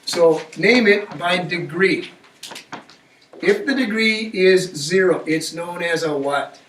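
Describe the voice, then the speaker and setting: A man's voice: high voice, slow pace, a bit bright, slight background noise. A man teaching a math class, coaxing students along with frequent check-in questions. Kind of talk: classroom lecture. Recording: echoey classroom, mic far off.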